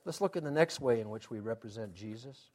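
A male pastor preaching a sermon with emphatic rhetorical questions, swinging between loud pushes and quiet asides. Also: mid-range voice, expressive, a little fast.

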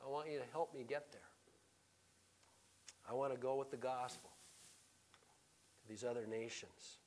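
A pastor preaching a sermon, emphatic, swinging between loud proclaiming and a hushed near-whisper. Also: male voice, mid-range voice, normal speed, slight background noise.

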